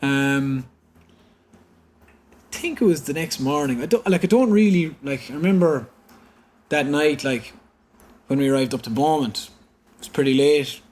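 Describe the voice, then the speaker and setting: A man in his thirties with a Cork Irish accent, telling a personal story openly as a podcast guest, halting and full of fillers. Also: a little high, a little mellow, slight background noise. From Ireland. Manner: open, halting, repeats himself with many fillers. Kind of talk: candid storytelling. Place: indoor room in San Francisco.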